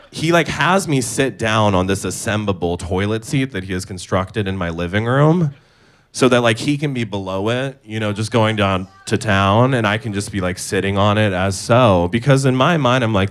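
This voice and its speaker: A young man from Indonesia doing a stand-up comedy set, telling stories in an animated way with lots of filler words. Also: on the low side, moderate pace. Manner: animated storytelling, many filler words, laughs at own jokes.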